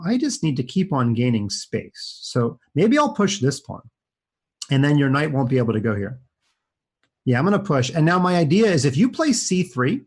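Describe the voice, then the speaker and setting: A man in his forties giving playful, chatty live chess commentary aimed at children, with jokey asides. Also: mid-range voice. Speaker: chess streamer playing kids online.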